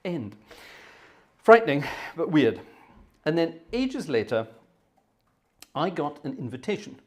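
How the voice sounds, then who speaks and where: A man's voice: on the high side, big pitch swings, slow, darkish tone. A man hosting an organ concert, telling a long anecdote in a rambling way, full of fillers and restarts. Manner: rambling, filler-heavy, self-interrupting. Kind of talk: live storytelling anecdote.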